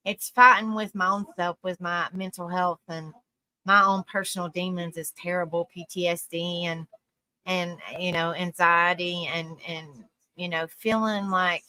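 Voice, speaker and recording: Bright-voiced woman, earnest rambling stream talk. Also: lowish voice, dry recording. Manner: rambling and earnest, heavy on "you know". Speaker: live-stream panel host. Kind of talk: casual live-stream talk.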